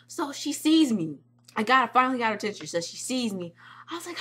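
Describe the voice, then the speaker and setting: A young woman excitedly telling a vlog story, acting out quotes with squeals and shouts. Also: high-pitched, fairly quick, breathy edge. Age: young adult. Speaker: vlogger recounting a club night.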